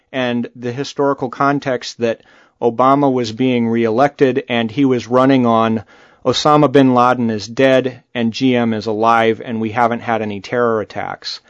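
A man's voice: mid-range voice, dry recording, dull audio. A man co-hosting a podcast, talking casually and bluntly, cursing freely. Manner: blunt, animated, swears freely. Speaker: podcast co-host. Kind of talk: casual political chat.

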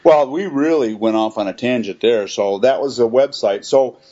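A man's voice: medium pitch, moderate pace, mellow, dull audio. A man co-hosting a podcast, chatting casually in an easygoing, wry way. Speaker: podcast co-host. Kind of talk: casual chat.

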